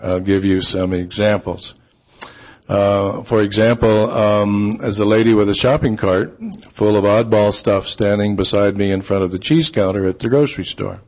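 Low-voiced man telling a relaxed story. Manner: relaxed, unhurried, with frequent ums. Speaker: author. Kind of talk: storytelling talk.

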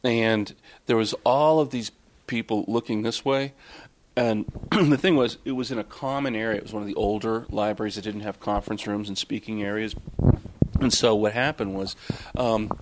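A man's voice: fairly low pitch, fairly even intonation, normal speed, slight background noise. A man from Florida, an author telling anecdotes to an audience at a book talk, rambling with many fillers and restarts. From Florida, USA. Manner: rambling, self-interrupting, many fillers, chuckling. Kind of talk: casual live storytelling to an audience.

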